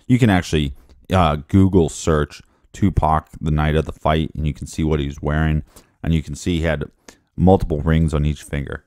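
A man's voice: very deep voice, fairly even intonation, moderate pace, darkish tone, no echo, studio quality. A man co-hosting a casual true-crime podcast, chiming in with questions and extra details. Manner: interjects with questions and added details. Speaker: podcast co-host.

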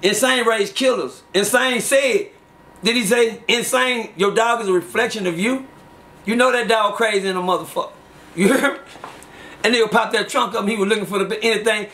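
High-voiced man telling street stories. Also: a little fast. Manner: animated, acts out quoted voices loudly. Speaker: storyteller. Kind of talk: casual storytelling.

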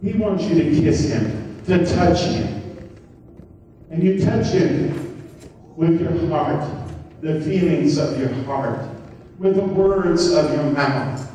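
A man preaching a sermon as pastor, swinging from loud, high exclamations to soft murmurs. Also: slow, long pauses, slight background noise. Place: church sanctuary. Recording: echoey church hall from far off.

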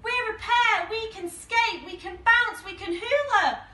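Lady reading as a wistful lonely sock kid, high and sing-songy, roomy echo. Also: very animated, slow, pushed and bright, heavily acted. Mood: overjoyed. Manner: wistful, plaintive. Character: sad lonely odd sock boy, young, gentle. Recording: echoey room, mic at a distance.

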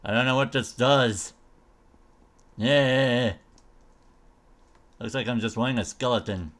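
Slow, goofy young man showing a game. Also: medium pitch, a bit bright. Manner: goofy, mumbling silly noises; unhurried, thinking aloud. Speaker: gamer showcasing a mod. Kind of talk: casual gameplay commentary.

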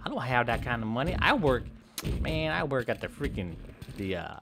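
A man's voice: medium pitch, sing-song, normal speed, gravelly, background noise. A man voicing a dim-witted, rambling redneck crayfish farmer, stumbling and boasting as he plays a game. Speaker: gaming YouTuber. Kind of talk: improvised comic character commentary over gameplay.

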